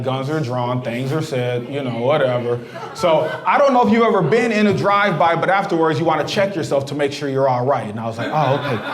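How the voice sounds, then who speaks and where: Animated male stand-up comic, roomy live sound. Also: fairly high pitch. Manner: loud, animated storytelling with profanity. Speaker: stand-up comedian. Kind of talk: stand-up comedy set. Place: outdoor brewery stage before a laughing crowd.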